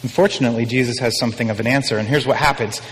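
A man's voice: medium pitch, steady tone, racing, in a large hall, a little hiss or hum, poor audio. A man preaching a sermon in a casual, emphatic style, repeating his key phrases.

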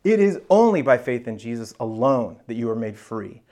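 An exasperated apostle, a man, scolds his flock at full volume, as a preacher acts him out. His voice rises higher and harder as he berates them in a sermon retelling. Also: sing-song, normal speed, mellow. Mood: angry.

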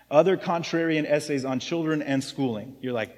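A man preaching a sermon to his congregation in a relaxed, conversational way, often checking in with "right?". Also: a little high, normal speed. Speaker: pastor. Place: church sanctuary. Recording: long hall reverb.

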